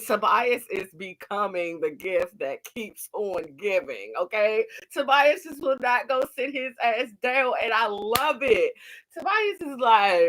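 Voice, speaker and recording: A woman hosting a casual TV recap vlog, telling the story in an animated, slangy way and laughing often. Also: a little high, unhurried. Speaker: TV episode recap host.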